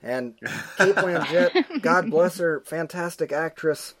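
A man's voice: on the high side, takes it slowly, a bit bright. Opinionated man ranting about movies. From United States. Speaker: podcast host. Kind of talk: casual movie review chat.

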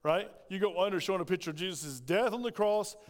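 High-voiced preacher in a reverberant church. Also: male voice, expressive, quick pace. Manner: preaching with rhetorical questions, quoting scripture in acted voices. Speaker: pastor. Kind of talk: sermon. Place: church sanctuary. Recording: long hall reverb.

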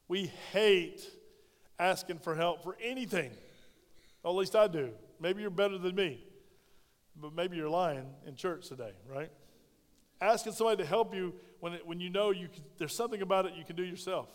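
High-voiced pastor preaching in a reverberant hall. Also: male voice, brisk. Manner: animated preaching, swinging between loud emphasis and hushed, intimate tones; conversational, asks the congregation questions. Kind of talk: sermon. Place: church sanctuary.

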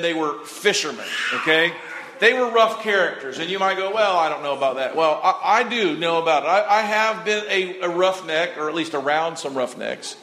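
A man preaching in a fairly high voice, folksy and conversational, pausing for the congregation to repeat after him. His voice carries a long reverb from the church hall. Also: sharp tone, a little hiss or hum. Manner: folksy, conversational preaching with audience call-and-response. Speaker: pastor. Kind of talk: sermon. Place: church sanctuary.

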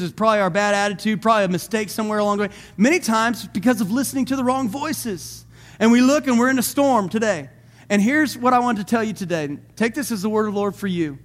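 Male pastor, high voice, emphatic Sunday sermon delivery. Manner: preaching with rising emphatic calls and questions to the congregation.

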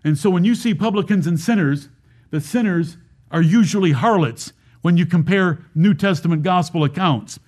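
A man's voice: sits high, normal speed, darkish tone. A man preaching a sermon as pastor, emphatic, repeating lines and asking rhetorical questions.

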